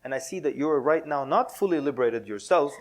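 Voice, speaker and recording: A man giving a lively, joking talk to an audience at a mosque, mixing in Arabic words and acting out quotes. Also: a little high, brisk, crowd noise. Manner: animated, playful, drops Arabic words, laughs often. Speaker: Muslim speaker giving a talk.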